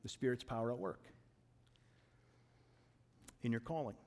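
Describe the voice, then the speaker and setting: A man preaching a sermon in a conversational way, often restarting and repeating words, and moving between raised emphasis and quiet asides. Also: mid-range voice, a little slow.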